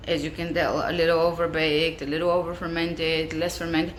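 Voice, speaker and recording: Woman home baker, low-pitched, eager and chatty, echoey kitchen with faint background noise. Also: level tone, normal speed. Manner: enthusiastic, chatty, tasting as she talks. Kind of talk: casual cooking vlog.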